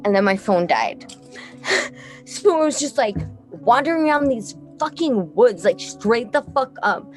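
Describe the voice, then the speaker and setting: A woman's voice: on the high side, big pitch swings, a little slow, soft background music. A young woman from Texas, a musician guest telling a story casually, rambling with lots of fillers, swearing and laughing often.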